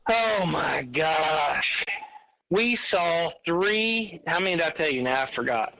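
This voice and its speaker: A man, a podcast guest calling in by phone, telling a hunting story in a rambling, animated way. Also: fairly high pitch, slow, gravelly, slight background noise. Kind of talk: casual chat. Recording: dull lo-fi phone line.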